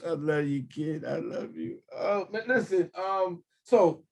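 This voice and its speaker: A man's voice: on the high side, a little slow, vocal fry. A man speaking informally and emotionally, slang-flavored and laughing.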